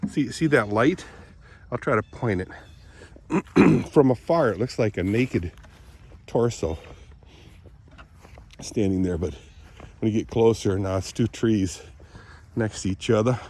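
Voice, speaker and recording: An older man talks into his phone while outdoors near the woods, musing aloud in an unhurried, meandering way. His voice is husky and breathy, he clears his throat often, and he sounds a little winded. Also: on the low side, animated, darkish tone. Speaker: vlogger. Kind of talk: casual morning vlog, thinking aloud outdoors.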